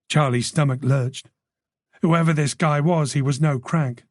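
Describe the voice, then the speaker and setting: Guy reading a thriller audiobook, steady storytelling, bit higher voice, dead dry sound. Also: no room sound. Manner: measured, even storytelling. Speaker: audiobook narrator. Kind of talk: scripted thriller narration.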